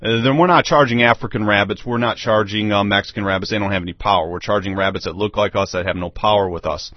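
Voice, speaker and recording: A man's voice: lowish voice, fairly even intonation, fast, no echo. A man hosting an online radio show, delivering a rambling, emphatic monologue that repeats itself. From United States. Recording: dull lo-fi dry audio.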